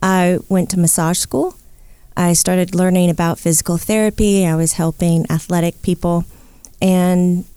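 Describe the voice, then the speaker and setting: A woman's voice: lowish voice, moderate pace, smooth, no room sound. A middle-aged woman, a psychic medium, telling a story in a casual interview and acting out the voices in it. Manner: animated, acts out the voices in her story.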